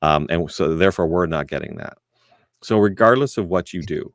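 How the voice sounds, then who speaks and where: A very deep-voiced man speaks as a guest in an interview, earnest and measured. His sound is close and dry, with some hesitant fillers. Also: no echo. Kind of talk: interview conversation.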